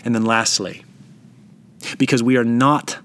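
A man preaching a sermon, reflective and emphatic, slowing down to stress key phrases. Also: mid-range voice, flat delivery, a bit bright, clear, resonant tone.

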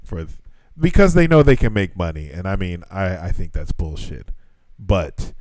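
Lively, joking young male podcast host. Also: low voice, normal speed, dry recording, studio quality. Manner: joking, profane, laughs often. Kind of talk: casual podcast chat.

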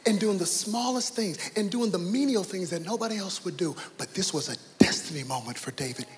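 Male preacher, slightly high-pitched, dramatic sermon delivery, faint room ambience. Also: slight background noise. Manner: dramatic, swings from hushed to shouting. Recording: reverberant hall with faint ambience.

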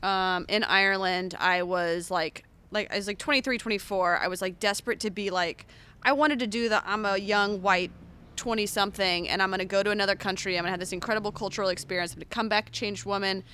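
A woman's voice: mid-range voice, steady tone, fast, sharp tone, clean tone. A woman comedian from the United States telling stories in a casual podcast chat, full of likes and ums. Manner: chatty, filler-heavy storytelling. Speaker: comedian guest.

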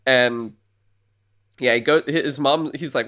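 A man's voice: mid-range voice, normal speed. A man co-hosting a podcast, recapping a film in loose, rambling chat and acting out lines from it. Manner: rambling, animated movie recap with acted-out quotes and laughs. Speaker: podcast co-host. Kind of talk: casual chat.

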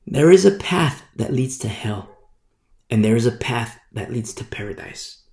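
A man's voice: mid-range voice, expressive, unhurried, dark tone, reverberant. A man preaching a sermon as a pastor, emphatic and repetitive, sometimes mocking the voices of hypocrites.

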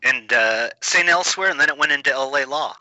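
A man's voice: mid-range voice, a little fast, sharp tone, dry recording, lo-fi sound. A man in his forties, a podcast guest, telling stories with enthusiasm in casual chat. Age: 40s. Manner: enthusiastic storyteller.

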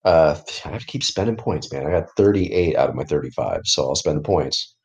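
A man's voice: very deep voice, expressive, brisk, darkish tone, slightly rough, highs cut off. A man playing in a casual tabletop game, talking in a loose, joking way. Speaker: player.

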